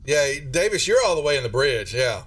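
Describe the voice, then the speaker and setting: A man's voice: medium pitch, sing-song, brisk, a bit bright. Rambling male game master, distant mic. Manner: rambling, full of restarts. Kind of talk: narrating a tabletop game. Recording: distant mic with faint music.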